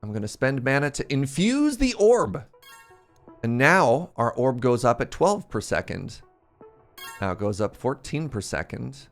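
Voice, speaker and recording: A man live-streaming a game, telling a story in a chatty, animated way and laughing at himself. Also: mid-range voice, a little slow. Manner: animated storytelling, self-mocking, laughs often. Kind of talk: casual live-stream chat. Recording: faint game music behind.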